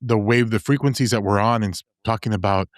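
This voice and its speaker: A man's voice: fairly low pitch, quick pace, dry recording, clean studio sound. A man on a podcast reflecting thoughtfully on what he has been reading. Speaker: podcast co-host. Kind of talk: casual podcast chat.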